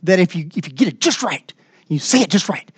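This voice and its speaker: A man preaching a sermon as pastor in a church, earnest and emphatic, moving between raised passages and hushed asides. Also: sits high, big pitch swings, brisk, husky, dry recording.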